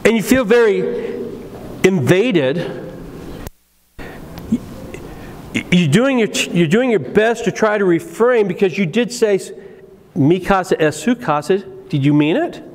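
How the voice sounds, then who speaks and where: A male pastor preaching a sermon in a church, telling stories in an animated, conversational way with many restarts. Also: high voice, slow, long pauses, slight background noise. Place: church sanctuary. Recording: long reverb of a church hall.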